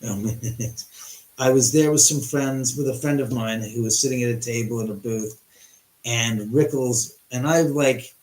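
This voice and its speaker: Excitable, rambling male livestream host, mid pitch, in an echoey room. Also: a little slow. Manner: rambling, excitable, many restarts and profanity. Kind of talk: live-stream storytelling. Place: his house.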